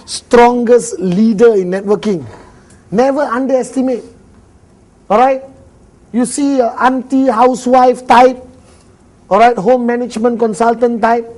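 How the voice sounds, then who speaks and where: High-voiced Malaysian man, joking seminar talk. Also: darkish tone. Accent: Malaysian English. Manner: joking, acts out little dialogues, laughs often. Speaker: motivational speaker. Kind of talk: seminar talk to a live audience. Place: room with a live audience.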